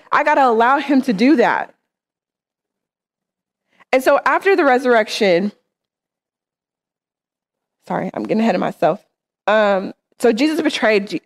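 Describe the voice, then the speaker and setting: A woman preaching in church, talking in an earnest, conversational way and often checking in with her listeners. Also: on the high side. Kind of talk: sermon.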